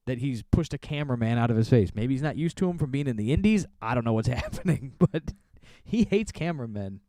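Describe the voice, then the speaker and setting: A man co-hosts a podcast and recaps wrestling shows in loose, rambling, sarcastic chat. His voice is mellow and dark, recorded dry and close. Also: medium pitch, lively intonation, fairly quick, no echo. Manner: rambling, sarcastic, acts out wrestlers' shouted lines. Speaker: podcast co-host.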